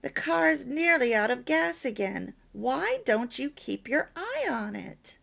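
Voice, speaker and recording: A woman voicing an irritable wife who nags and complains loudly at her husband. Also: high voice, very animated, slow, vocal fry, full character voice. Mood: nagging. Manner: sharp, complaining, loud.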